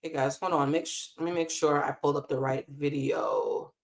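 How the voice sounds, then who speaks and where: A woman's voice: low-pitched, normal speed, vocal fry. A woman hosting a live stream, talking in a casual, impassioned and emotional way and swearing freely. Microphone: desk mic in a hotel room.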